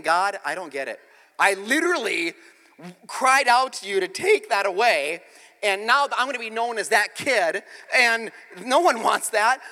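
A man preaching a sermon as pastor, telling a story with animated swings from hushed to loud. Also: high voice, in a large hall.

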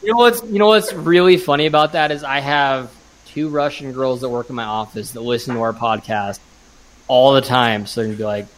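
A man's voice: mid-range voice, fairly quick, poor audio. A man hosting a podcast, bantering casually and swearing as he watches a movie with friends. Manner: swears freely, exasperated, teasing. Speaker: podcast host.

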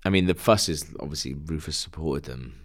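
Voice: rumbling low, a little fast, a crowd in the background. A podcast co-host in casual, joking chat who laughs often.

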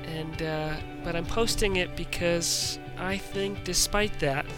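A man's voice: sits high, steady tone, slow pace, echoey room, long reverb tail, over music, rough recording. A man preaching a sermon as pastor, casual and conversational, with frequent ums and restarts.

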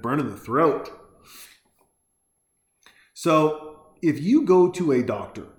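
Brief: mid-pitched man, crude and sarcastic, rambling movie commentary, roomy sound. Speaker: movie reaction host. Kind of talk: casual ranting movie commentary.

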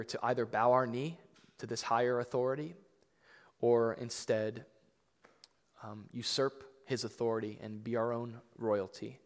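A male pastor preaches in a loose, conversational way, with fillers and restarts, and he lifts his voice to stress key points. His voice has a middle pitch and rings with the long echo of a large hall. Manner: conversational, rising to emphatic points, frequent fillers. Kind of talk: sermon.

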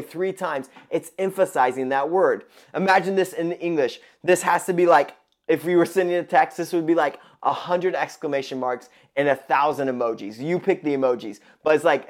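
A man's voice: fairly high pitch, moderate pace. A man preaching a sermon to his congregation, emphatic and repeating words for stress. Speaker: pastor.

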